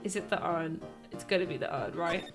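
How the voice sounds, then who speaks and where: A woman voicing a dry, wry young male lawyer in a lowered, flat delivery. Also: brisk, soft background music, lightly acted.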